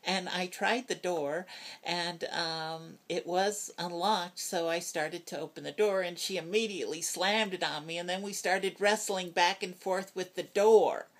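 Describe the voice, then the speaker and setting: An older woman telling a personal story into a phone, earnest and halting, with many fillers and restarts. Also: on the low side. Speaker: vlogger.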